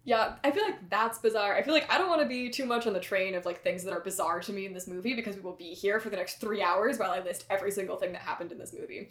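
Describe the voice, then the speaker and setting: A woman's voice: mid-range voice, quick pace, hardly any pauses, a bit bright. Chatty woman podcaster, echoey room. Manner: chatty, easygoing, fond of hedging. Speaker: podcast co-host. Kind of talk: casual chat. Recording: roomy echo, rough podcast audio.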